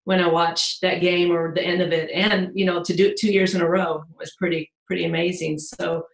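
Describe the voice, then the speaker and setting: A woman's voice: fairly low pitch, level tone. Emotional woman in an echoey room. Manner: emotional, halting. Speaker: former player.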